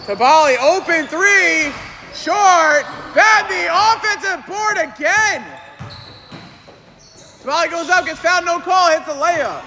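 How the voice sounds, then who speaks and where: High-voiced excited man calling basketball. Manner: excited, quick, chatty play calling. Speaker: play-by-play commentator. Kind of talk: live basketball commentary. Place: indoor gym.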